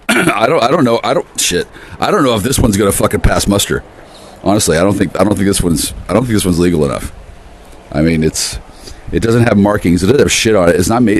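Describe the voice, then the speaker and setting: A man with a fairly low voice rambles into the camera outdoors on his porch. His pitch leaps and drops all over the place as he curses and jumps from one grievance to the next, loud one moment and murmuring the next. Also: lively intonation, brisk. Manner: profane, erratic, shifts between ranting and murmuring.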